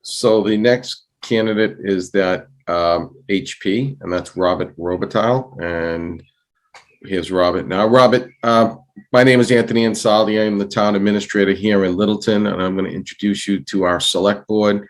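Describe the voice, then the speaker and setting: A man's voice: lowish voice, fairly even intonation, moderate pace. A man serving as town administrator, politely introducing board members and guiding a candidate interview. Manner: polite, procedural. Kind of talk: chairing a public meeting.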